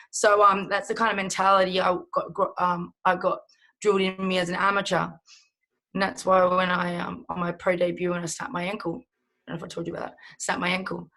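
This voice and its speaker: A woman's voice: mid-range voice, flat delivery, quick pace, a bit bright. A young adult woman with an Australian accent, a professional boxer talking casually in an interview, rambling and swearing freely.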